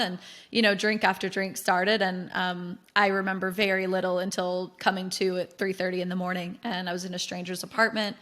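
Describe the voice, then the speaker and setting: Podcast guest, woman, 30s, from the US; candid, animated storytelling, middle pitch. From United States. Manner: chatty, animated, frequent fillers and laughs.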